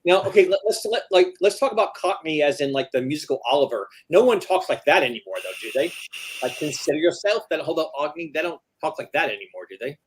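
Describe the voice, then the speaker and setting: A man's voice: fairly high pitch, expressive, fast, few pauses, husky. A man from the United States, a guest acting coach, chatting casually and asking curious questions. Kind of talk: casual chat.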